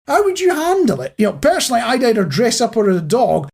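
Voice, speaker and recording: A man's voice: extremely high pitch, wildly swooping pitch, quick pace, vocal fry, breathy edge. A man co-hosting a podcast, telling jokey stories in casual chat. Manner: chatty, jokey storyteller. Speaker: podcast co-host.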